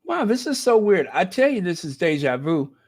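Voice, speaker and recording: A male channel host, very animated, sits high in pitch and keeps a moderate pace. He's chatting casually and reasoning aloud while reacting live, speaking directly to his audience.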